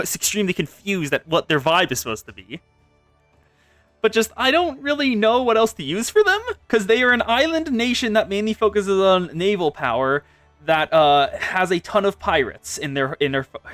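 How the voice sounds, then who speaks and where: Man, game streamer, chatty, self-mocking, animated high voice. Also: normal speed, no echo, soft background music. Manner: chatty, self-mocking, stumbling over words. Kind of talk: live gameplay stream commentary.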